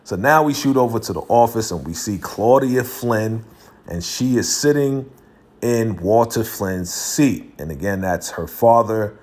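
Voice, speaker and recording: A man with a fairly low, darkish voice hosts his own video, unhurried yet animated. He recaps a TV episode in slangy, casual language and laughs between lines.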